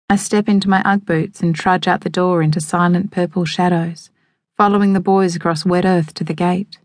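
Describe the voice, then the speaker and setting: A woman narrating a novel in the first person, measured and evocative. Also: lowish voice, steady tone, dry recording. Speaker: audiobook narrator. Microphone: close studio microphone. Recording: dry close studio sound.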